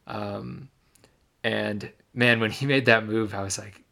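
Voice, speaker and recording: A man's voice: fairly low pitch, little pitch movement, unhurried, vocal fry, sharp tone. A young man from Michigan, a podcast co-host, giving a detailed, reflective recap of a race in casual storytelling.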